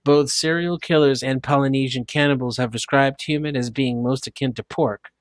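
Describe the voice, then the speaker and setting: A man, the show's host, reads a passage aloud in a steady, matter-of-fact way. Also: medium pitch, moderate pace, no echo. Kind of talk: reading an article aloud.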